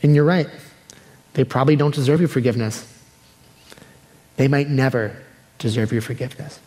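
A pastor preaching a sermon in a relaxed, conversational way that turns soft and earnest. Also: male voice, medium pitch, moderate pace. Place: church sanctuary. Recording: long hall reverb.

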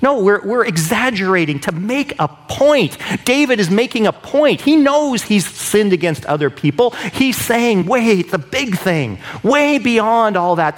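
A man preaching a sermon in a conversational way, often checking in with "right?" and acting out pleading prayers in a raised voice. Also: sits high. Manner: conversational, keeps asking "right?".

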